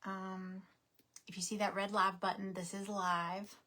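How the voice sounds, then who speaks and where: A woman's voice: medium pitch, little pitch movement, measured pace, sharp tone. A woman hosting a craft livestream, chatting casually and muttering to herself now and then.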